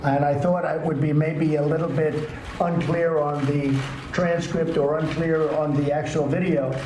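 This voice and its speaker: A politician gives a formal prepared statement, deliberate and repeating himself to be clear. His voice is a bit high for a man, and the clip carries roomy echo with faint noise under it. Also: level tone.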